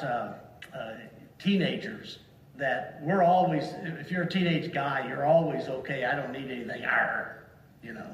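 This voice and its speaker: A man preaching a sermon to a congregation, slow and deliberate, leaning hard on single words to stress them. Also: fairly high pitch, highs cut off. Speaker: pastor. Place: church sanctuary. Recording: echoey hall from far off.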